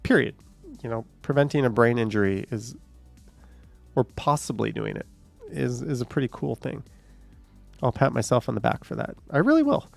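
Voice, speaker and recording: Gravelly-voiced man chatting on a livestream. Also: medium pitch, normal speed, pauses often, soft background music. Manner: joking, sarcastic asides with frequent laughs. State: short of breath, voice fading. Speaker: livestream host reading chat comments. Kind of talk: casual live chat.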